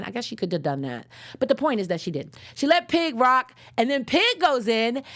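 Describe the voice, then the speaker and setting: A young adult woman hosting a casual episode recap, slangy and digressive, laughing at her own jokes. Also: medium pitch. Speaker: show host.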